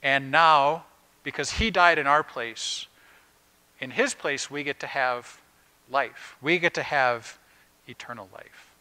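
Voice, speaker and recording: A man's voice: medium pitch, slow pace, pushed and bright, smooth, poor audio. A man preaching a conversational sermon as pastor, posing rhetorical questions to the congregation in plain everyday words with frequent "uh" fillers.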